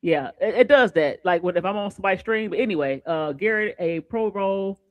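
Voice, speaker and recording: Animated high-voiced man talking sports. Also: brisk, dry recording. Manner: animated, repeats words when excited. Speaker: show host. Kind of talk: casual sports talk stream.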